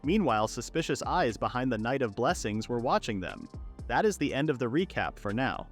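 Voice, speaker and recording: A man narrating a manga recap in a steady storytelling read. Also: medium pitch, brisk, faint music behind. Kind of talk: scripted narration.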